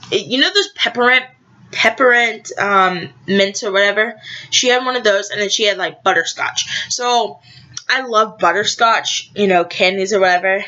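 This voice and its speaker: A woman's voice: mid-range voice, sharp tone, dull audio. A teenage girl vlogging, telling a story to camera in a rambling, chatty way, correcting herself and talking to her viewers. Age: teens.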